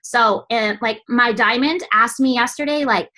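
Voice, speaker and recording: Blunt, swearing woman coach with a bright voice. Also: fairly high pitch. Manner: lively, mimics others in quick asides. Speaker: team coach. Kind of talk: motivational talk to a group.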